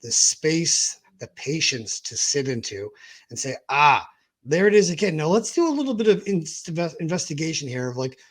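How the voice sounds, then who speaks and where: Male podcast host, candid and animated, voice sitting a bit high. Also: normal speed. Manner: animated, acts out his inner dialogue in quoted voices. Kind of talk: candid conversation about personal mental health.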